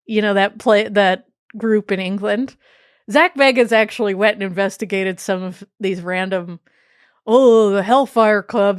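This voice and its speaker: A woman hosts a podcast in casual conversation, talkative and chatty, swearing, laughing in asides, and using lots of fillers. Her voice sits in the mid range, recorded at studio quality with no echo.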